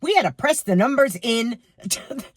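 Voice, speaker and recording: A woman's voice: on the high side, moderate pace, no echo, studio quality. A woman in her sixties with a New York accent, ranting to camera in her garage about a rude cashier. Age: 60s. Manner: indignant, animated, acts out quotes. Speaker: vlogger. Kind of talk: storytime rant to camera.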